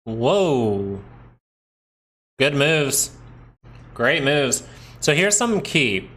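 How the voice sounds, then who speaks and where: A man hosting a live stock market stream, chatting casually over charts, excitable and asking himself questions as he thinks aloud. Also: on the high side, slow pace. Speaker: stock market livestream host.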